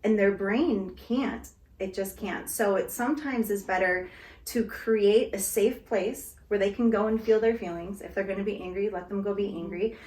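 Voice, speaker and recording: A woman talking through parenting advice in a calm, explanatory way, sometimes acting out what a parent might say to a child. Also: medium pitch, normal speed. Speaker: guest speaker on parenting. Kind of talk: casual conversation. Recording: echoey room.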